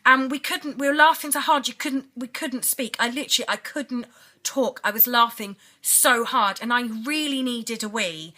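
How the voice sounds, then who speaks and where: A woman's voice: on the high side, moderate pace, bright, forceful tone. A young British woman chatting in a giggly, rambling video diary. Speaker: vlogger.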